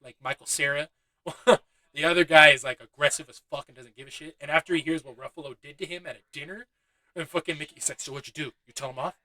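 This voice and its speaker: A man's voice: a little high, fairly even intonation, quick pace, bright, forceful tone, no room sound, rough recording. A young man giving a loose, chatty movie review, swearing freely and laughing at his own asides. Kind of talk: casual spoken film review.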